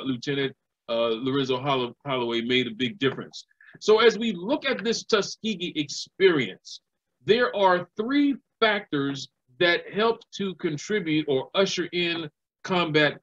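A man's voice: sits high, fairly bright tone, muffled recording. A man, a living historian and educator, giving a recorded history lecture and telling stories, acting out the voices of people he quotes.

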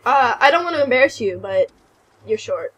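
Young woman, let's-play co-host; high, lively voice, crude and giddy. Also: fairly quick, highs cut off. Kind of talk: casual gaming chat.

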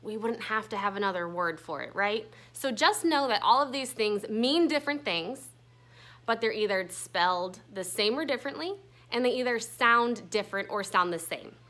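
A woman's voice: medium pitch, animated, moderate pace, sharp tone. A young woman teacher explaining a grammar lesson patiently, spelling words out letter by letter.

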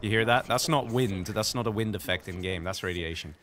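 A man's voice: lowish voice, fairly quick, fairly bright tone. A man giving casual, self-mocking commentary while playing a strategy game online, laughing often. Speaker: game streamer. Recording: faint game music behind.

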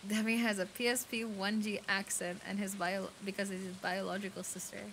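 A woman's voice: medium pitch, level tone, a little fast, a bit bright, a little hiss or hum. A young woman with a light Filipino accent, chatting casually on a game stream, reading chat aloud and swearing freely.

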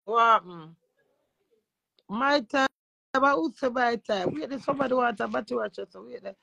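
Jamaican woman, gravelly voice, brash profane patois, live-stream chat. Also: on the high side, normal speed, bright, forceful tone, dry recording, low-quality recording. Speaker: social media influencer.

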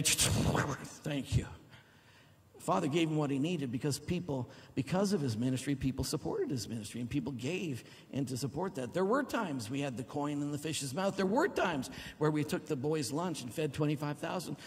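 A middle-aged man preaching a sermon as pastor, exuberant and at times whooping. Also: a little high. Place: large church hall. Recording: long reverb of a church hall.

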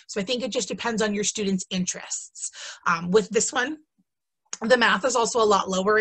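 A woman's voice: mid-range voice, sharp tone. A woman teacher presenting a webinar in a casual, chatty and enthusiastic way, with frequent ums and asides. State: has the hiccups. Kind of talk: casual instructional webinar talk.

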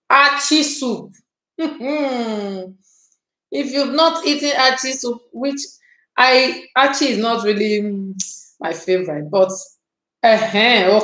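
A woman with a Nigerian English accent hosting a casual live stream, greeting viewers by name and chatting with drawn-out words. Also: medium pitch, echoey room, rough recording.

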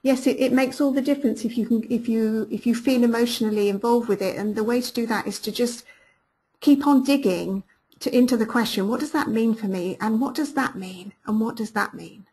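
A woman coaching her audience through a webinar, her voice slightly husky and breathy. She sounds upbeat and encouraging and repeats her key questions to push listeners toward action. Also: fairly high pitch, dark tone. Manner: upbeat and encouraging, quick praise words. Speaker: business coach hosting a webinar. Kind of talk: live webinar talk, reading out listener comments.

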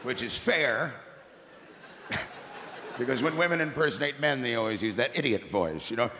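A middle-aged man doing stand-up comedy on a large theatre stage, gruff and ranting with deadpan asides. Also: mid-range voice, normal speed, noisy background. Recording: echoey theatre with loud laughing crowd.

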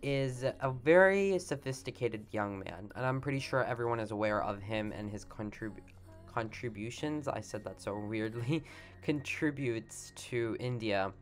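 A man's voice: mid-range voice, lively intonation, moderate pace. Rambling young man narrating a slideshow. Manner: rambling, hesitant, heavy on fillers like "like" and "you know". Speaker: channel host. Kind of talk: casual voice-over for a history slideshow.

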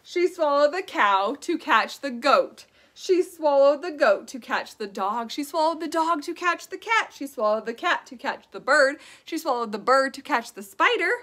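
A young woman teaching preschoolers, reciting nursery rhymes in a sing-song, drawn-out way. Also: high voice, expressive, pushed and bright. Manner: sing-song, drawn-out phrasing for small children. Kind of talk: children's lesson and nursery rhymes.

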